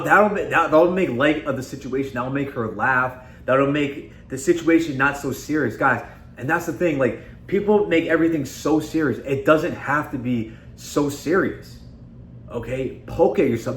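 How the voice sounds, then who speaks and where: A man hosting a casual motivational talk, speaking conversationally and emphatically and often calling his viewers "guys". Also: medium pitch. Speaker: self-improvement video host. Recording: echoey room with faint background noise.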